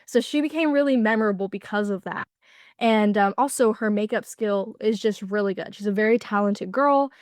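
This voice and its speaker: A woman's voice: medium pitch, normal speed, no echo, clean studio sound. A young woman giving a casual class presentation, explaining with lots of fillers. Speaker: student presenter.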